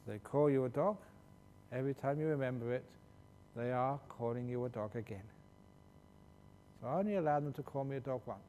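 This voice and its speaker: Speaking a little fast and pausing often, this Buddhist monk answers questions at a meditation retreat in a warm tone. He's funny and tells stories, laughing along the way, while long hall reverb and a faint low rumble fill the recording.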